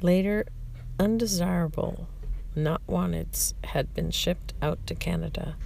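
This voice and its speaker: Slow, gravelly memoir reader. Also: medium pitch, darkish tone. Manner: slow, reflective reading with frequent slips and restarts. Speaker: narrator. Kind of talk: reading a memoir aloud.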